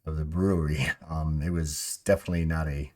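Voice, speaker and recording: A man's voice: a bass voice, fairly even intonation, brisk, darkish tone. A man narrating a tabletop game as game master, rambling with many fillers and restarts.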